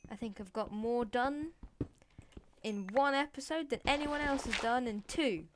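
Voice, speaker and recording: Woman, casual gameplay commentary, playful and chatty, slightly high voice, faint background hiss. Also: a little slow. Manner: playful, chatty, talks to in-game animals, drops to whispered asides. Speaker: Let's Play gamer.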